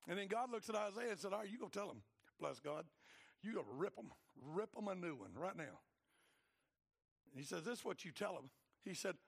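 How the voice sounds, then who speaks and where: A man preaching a sermon, swinging between loud, fired-up passages and low, quiet asides. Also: very animated, brisk, vocal fry, husky. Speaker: pastor.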